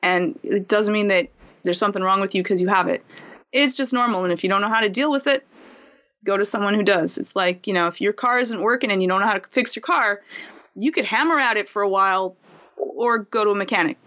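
A woman therapist talks earnestly in a casual interview and explains her points with homely examples. Her voice sits at an ordinary pitch for a woman. The audio is dull and lo-fi. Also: a little fast, pushed and bright. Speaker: therapist guest. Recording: dull lo-fi sound.

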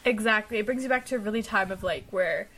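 A woman's voice: mid-range voice, fast talker, sharp tone. A woman co-hosting a casual book chat, retelling the plot loosely with frequent laughter. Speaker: book discussion co-host.

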